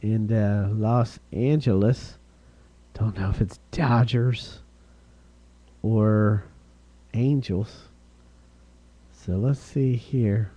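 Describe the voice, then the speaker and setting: A man hosting a live-streamed card break, calling out each card and who gets it, getting excited over rare hits. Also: fairly low pitch, drawn-out words, long pauses, no room sound. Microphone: streaming setup.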